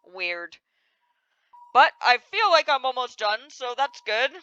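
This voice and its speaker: Expressive young woman gaming, lively pitch. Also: slow pace, long pauses, clean tone, muffled recording. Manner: expressive, exasperated, laughs often. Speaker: gamer. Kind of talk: let's play commentary.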